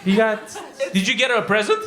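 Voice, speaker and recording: A man's voice: high voice, quick pace. A Romanian man doing playful, teasing crowd work as a stand-up comedian in a live club. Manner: playful, teasing, puts on silly voices. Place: comedy club stage in New York. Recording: echoey club with loud background noise.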